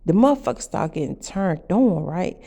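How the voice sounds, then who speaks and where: A woman with a fairly low voice tells a wild first-person story for her vlog. She is brash and profane, punching the story with loud bursts. She keeps turning aside to talk straight to her viewers. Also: lively intonation, moderate pace, vocal fry.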